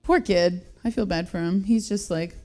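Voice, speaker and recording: A woman's voice: fairly low pitch, moderate pace, a little mellow. A woman in her thirties hosting a radio show, telling a long story in a chatty, self-mocking way and laughing often. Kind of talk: casual radio chat, storytelling.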